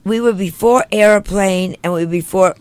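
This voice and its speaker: An older woman guest in an interview, brash and joking with quick comebacks. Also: medium pitch, a little mellow, clear, resonant tone, no echo.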